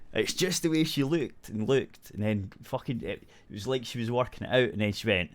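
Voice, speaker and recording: A man's voice: medium pitch, animated, brisk, few pauses. A Scottish man hosting a radio show, rambling through a story in casual chat and swearing freely.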